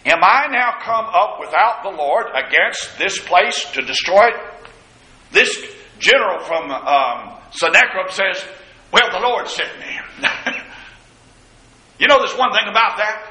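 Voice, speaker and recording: A man's voice: high-pitched, sharp tone. A man preaching a sermon, dramatically acting out the scripture quotes. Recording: echoey church room.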